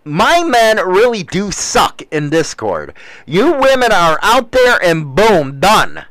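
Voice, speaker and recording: A man's voice: sits high, huge pitch swings, slow pace, fairly bright tone, dry recording, rough recording. An older man hosting a show, delivering a blunt, crude, ranting monologue in casual talk.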